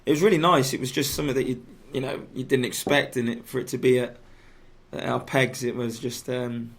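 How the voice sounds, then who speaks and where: Halting, friendly man chatting on radio. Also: medium pitch, steady tone. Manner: halting, many restarts and fillers. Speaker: footballer guest. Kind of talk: casual radio chat. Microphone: studio microphone.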